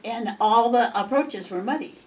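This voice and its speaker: A woman's voice: fairly high pitch, moderate pace, a little mellow. Rambling older woman from Montana, off-mic. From Montana, USA. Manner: rambling, chuckling reminiscence. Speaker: interviewee. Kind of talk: oral history storytelling. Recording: distant mic, faint background noise.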